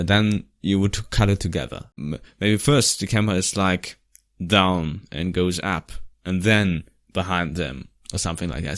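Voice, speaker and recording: A man's voice: low-pitched, no room sound, studio quality. A man talking casually about his old fan video, rambling and restarting his sentences as he goes. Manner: rambling, restarts often, laughs now and then. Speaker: vlogger.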